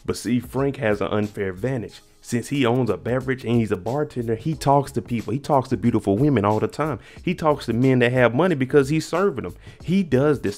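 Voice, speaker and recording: A man hosting a casual reaction talk, chatting in a relaxed, slangy way and giving dating advice to the guys. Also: mid-range voice. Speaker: reality show reaction host.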